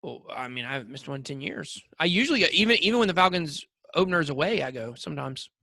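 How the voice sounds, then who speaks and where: A man's voice: fairly high pitch, expressive, quick pace, creaky, pushed and bright, no room sound, clean studio sound. A man co-hosting a podcast, telling rambling, jokey stories with lots of fillers. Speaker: podcast co-host. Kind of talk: casual chat.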